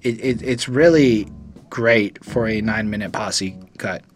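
Man, music reviewer, casual and profane, fairly low voice. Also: unhurried. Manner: rambling, profane, enthusiastic.

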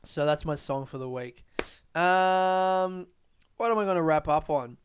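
A man's voice: fairly high pitch, a little slow, slight background noise. A man hosting a casual solo podcast, rambling in a profane, self-mocking way. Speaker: podcast host. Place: London, UK.

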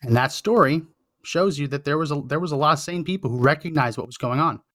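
A man's voice: a little high, fast talker, fairly bright tone, no room sound, studio quality. A man hosting a political commentary show, talking in an impassioned, emphatic way and repeating phrases for effect. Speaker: podcast host.

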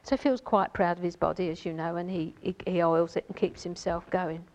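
A woman's voice: on the low side, fairly even intonation, brisk, darkish tone, dull audio. A woman giving an informal Bible teaching, chatty and rambling, with many fillers and asides. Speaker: lay preacher.

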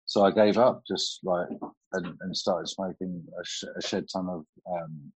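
Middle-aged man, very low voice, husky, casual storytelling, laughs a lot. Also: fairly even intonation, measured pace, low-quality recording. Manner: chatty storyteller, laughs often, swears casually. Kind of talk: casual chat.

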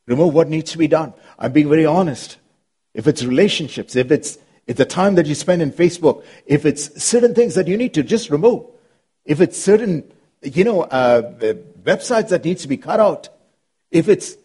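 A man's voice: high voice, warm tone, husky. A man preaching an earnest sermon as pastor, repeating phrases and rising into passionate, pleading prayer.

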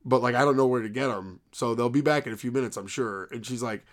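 A man's voice: mid-range voice, fast talker, hardly any pauses. A man in his thirties co-hosting a podcast, telling stories in a rambling casual way with lots of "like" and quoted dialogue. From New York area. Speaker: podcast co-host. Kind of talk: casual chat.

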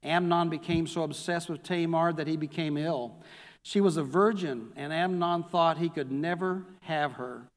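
A man preaching a sermon, reading a scripture passage aloud and then reviewing it slowly as a pastor. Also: on the high side. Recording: long hall reverb.

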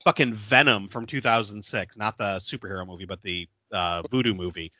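A man's voice: on the low side, a little fast, pushed and bright, dry recording, muffled recording. A man co-hosting a podcast, recapping a film in casual chat, laughing often and filling his talk with "like". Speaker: podcast co-host.

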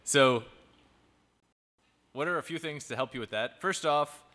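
A man's voice: fairly high pitch, a little slow, sharp tone. A man hosting a live talk for young people, joking and improvising tangents as he explains. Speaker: youth talk presenter and show host. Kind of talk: live talk to a youth audience.

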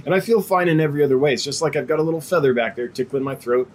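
A man's voice: on the high side, racing, a little hiss or hum. A man hosting a casual live stream as a fish seller, talking in a chatty, rambling way with a cough drop in his mouth and a slight lingering cough. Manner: chatty, rambling, with frequent fillers.

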